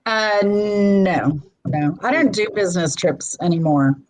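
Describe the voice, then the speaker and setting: Woman, Midwestern American accent, casual stream host, laughs easily, lowish pitch. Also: expressive, a little slow, a little mellow, slight background noise, rough recording. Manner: chatty, laughs often. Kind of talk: casual live-stream chat.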